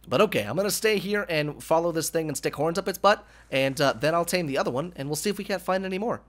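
Excitable gamer man with a cracking voice. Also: medium pitch. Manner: excitable, swears casually, talks to the animals. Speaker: gaming YouTuber. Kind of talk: let's play commentary.

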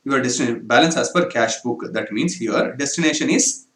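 A man's voice: medium pitch, a little fast, a bit bright. Echoey Indian English male teacher. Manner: repetitive, keeps checking understanding with "correct?"; addresses students as "my dear friends". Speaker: accounting teacher. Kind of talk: online class lecture. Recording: echoey room.

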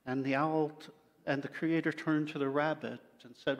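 A man's voice: on the high side, flat delivery, normal speed. A male pastor telling an animal story during a sermon, acting out the creatures as he goes. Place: church sanctuary. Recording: long church-hall reverb.

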